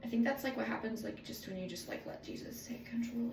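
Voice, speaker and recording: A woman's voice: on the high side, fast talker, creaky, recorded from a distance, background noise. Woman, casual rambling vlogger, salty and self-mocking, echoey room sound. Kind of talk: casual rambling monologue to camera.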